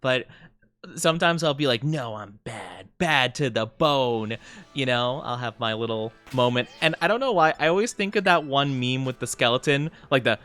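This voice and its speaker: A man's voice: mid-range voice, moderate pace, bright, forceful tone, clean tone, faint music behind. A man chatting casually on a live stream, giggling often and answering his chat.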